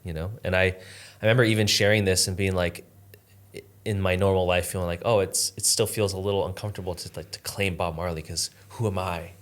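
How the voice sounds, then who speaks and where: A man's voice: sits low, steady tone, fast. A man as a podcast guest, earnestly telling a personal story in a reflective, casual way, with lots of "like". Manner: earnest, reflective, uses "like" often.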